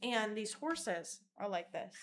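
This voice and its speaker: A young woman telling a story in a vlog, animated, dramatic and full of swearing. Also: mid-range voice, slow, a little hiss or hum.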